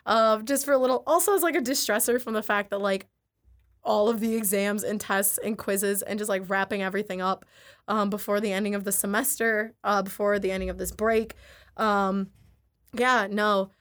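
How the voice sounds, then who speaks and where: A woman's voice: medium pitch, fairly even intonation, normal speed, fairly bright tone. A young adult woman chatting casually as a podcast co-host, peppering her talk with "like" and retelling scenes with animation. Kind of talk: casual chat.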